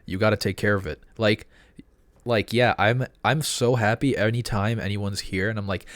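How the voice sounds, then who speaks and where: Laid-back low-voiced man podcaster. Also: fairly even intonation, normal speed, no echo. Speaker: podcast co-host. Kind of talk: casual chat.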